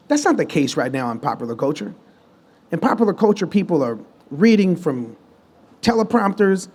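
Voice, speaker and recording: A man with a slightly higher voice talks on a live stage in front of an audience. He tells stories loosely, restarting sentences and acting out the voices of the people he quotes with big jumps in energy. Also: a little fast. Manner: animated storytelling, acts out quoted dialogue. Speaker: guest musician and producer. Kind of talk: live podcast conversation.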